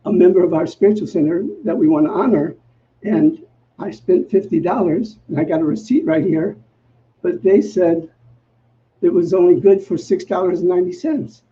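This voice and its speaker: A high-voiced male minister telling a story in a sermon, playing out each side of the conversation with self-mocking humor. The recording is a little dull and muffled, with a faint hiss behind him. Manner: acts out quoted dialogue in a lively, self-mocking way. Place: church sanctuary.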